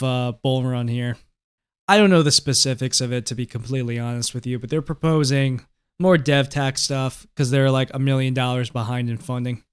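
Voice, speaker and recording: A man with a fairly high voice talks loosely and off the cuff, packing his sentences with fillers and the odd curse. His tone is smooth and resonant. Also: fairly bright tone. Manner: rambling, filler-heavy and profane, often laughing. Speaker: crypto news show host. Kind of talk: casual commentary and storytelling.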